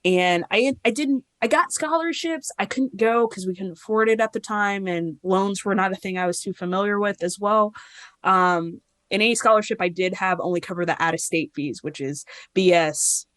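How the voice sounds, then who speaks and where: Woman in her 30s on a podcast, rambly and open, mid pitch, dry close sound. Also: normal speed, a bit bright, no echo. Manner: candid, rambling, acts out quoted voices. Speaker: guest. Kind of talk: casual interview storytelling.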